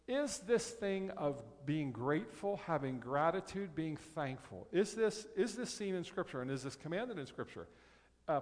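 A man preaching a conversational sermon as pastor, reading scripture aloud in slow, careful phrases. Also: on the high side. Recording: long hall reverb.

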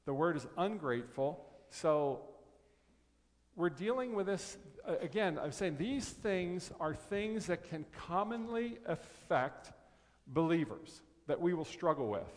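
A man preaching a conversational sermon as pastor, reading scripture aloud in slow, careful phrases. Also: a little high, lively intonation. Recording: long hall reverb.

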